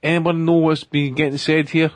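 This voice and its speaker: A man's voice: on the high side, level tone, normal speed, no echo. Blunt, profane man hosting. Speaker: podcast host. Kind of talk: casual chat.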